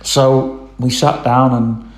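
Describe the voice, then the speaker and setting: A man's voice: mid-range voice, level tone, slow, echoey room. A man telling a long casual story, rambling with lots of ums and "I says". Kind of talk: casual spoken anecdote.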